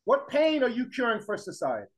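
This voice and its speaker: A man's voice: very high voice, wildly swooping pitch, fairly quick, poor audio. A man teaching a class in a classroom lecture, emphatic, repeating his points and firing rhetorical questions at the students.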